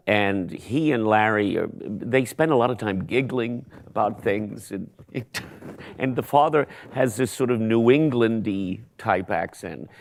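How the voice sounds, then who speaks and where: A man with a lowish voice and a gravelly edge, talking casually in an interview. He is wry and chatty, laughs between his thoughts, and keeps backing up and restarting his sentences as he thinks out loud. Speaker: stage actor, interview guest.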